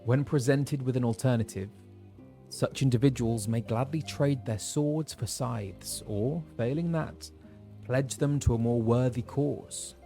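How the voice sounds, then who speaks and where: An actor playing a male mercenary captain, reading game dialogue aloud in a measured, formal delivery. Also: mid-range voice, warm tone, faint music behind, close to an everyday voice. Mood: pragmatic.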